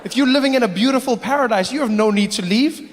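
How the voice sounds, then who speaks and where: Animated stand-up comedian in a live hall. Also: male voice, very high-pitched, fast, a little hiss or hum. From Africa. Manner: animated, mocking, building to punchlines.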